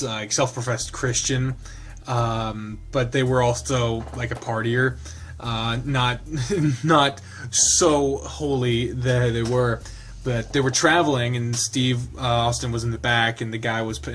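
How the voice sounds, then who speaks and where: A man reading a story game aloud and breaking off into chatty asides, laughing often and stumbling through fillers. His voice sits at an average male pitch, and his delivery is loose and casual. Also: flat delivery, slow, fairly bright tone, a little hiss or hum. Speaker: game streamer. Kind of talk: reading a visual novel aloud with casual commentary.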